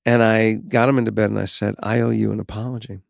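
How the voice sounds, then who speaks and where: A guest in his fifties tells frank, reflective stories in a candid, conversational way, cursing from time to time. He talks quickly in a lowish, creaky voice with a flat delivery. It's studio-quality audio with no echo.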